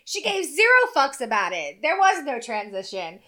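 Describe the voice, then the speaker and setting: A woman's voice: high voice, very animated, normal speed, bright, forceful tone. A woman in her forties co-hosting a casual chat, crude, profane and joking. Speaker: podcast co-host.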